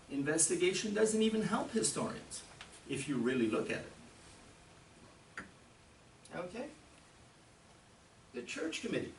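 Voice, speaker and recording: An emphatic man lectures a conference audience, throwing out rhetorical questions with a lively, swooping delivery. His voice sits a little high for a man. He was picked up by a far camera in an echoey hall with faint room ambience. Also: a little hiss or hum. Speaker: conference speaker.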